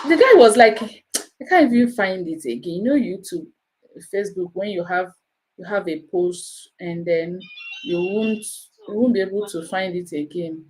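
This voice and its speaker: A woman's voice: on the low side, rough recording. A woman, giving rambling, exclamatory commentary in a casual vlog. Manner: animated, exclamatory, rambling with restarts. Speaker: vlogger.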